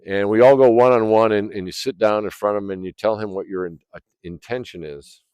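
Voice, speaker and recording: Low-voiced man telling a story outdoors. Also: steady tone, brisk, darkish tone, dry recording. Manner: rambling with frequent restarts and throat clearing. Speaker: vlogger. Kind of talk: casual personal storytelling. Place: outdoors by a fire in the wind.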